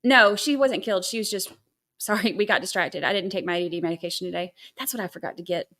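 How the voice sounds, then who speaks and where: A woman's voice: medium pitch, fast talker, a bit bright. A woman hosting a livestream, chatting casually with sarcastic, scattered asides and thanking viewers for gifts. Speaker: livestream host.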